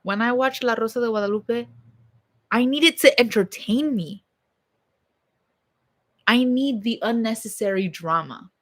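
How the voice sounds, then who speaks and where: A woman's voice: on the high side, measured pace, pauses often. A young woman vlogging at home, talking casually to her viewers in a rambling, blunt way and swearing freely. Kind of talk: casual rambling chat to camera.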